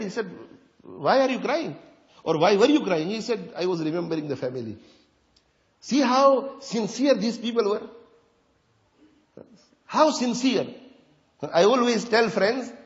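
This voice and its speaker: Man giving a passionate sermon, kinda muffled lo-fi sound, big hall echo. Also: sits high. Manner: impassioned, rising to loud urgent questions. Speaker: preacher. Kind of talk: sermon with storytelling. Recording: dull lo-fi recording with long hall reverb.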